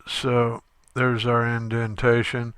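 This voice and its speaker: A male instructor talking through a screen-recorded tutorial step by step, halting often with fillers. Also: medium pitch, monotone, fairly bright tone, clean tone, dry recording.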